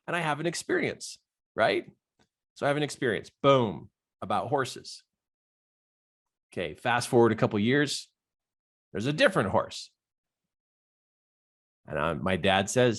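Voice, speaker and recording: A middle-aged man of middle pitch, a life coach telling a story from his own life. He talks with energy and acts out every line of dialogue, his voice jumping up high for the quoted parts and dropping low and quiet for the reflective ones. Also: animated, unhurried, long pauses.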